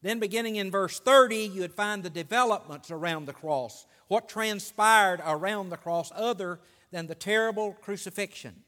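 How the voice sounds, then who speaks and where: High voiced preacher guy getting fired up, drags out words, long hall echo. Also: moderate pace, hardly any pauses. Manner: rises and swells with excitement, stretching key phrases. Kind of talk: sermon.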